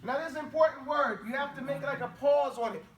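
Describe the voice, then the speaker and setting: A middle-aged man teaching an Arabic class, drilling pronunciation with students and telling anecdotes in an animated, joking way. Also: extremely high pitch, fast, a crowd in the background. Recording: echoey room, far from the mic, noisy.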